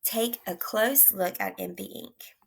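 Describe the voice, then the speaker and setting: A woman teacher leading young children through a phonics lesson, speaking slowly and clearly with frequent praise. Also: medium pitch, fairly even intonation.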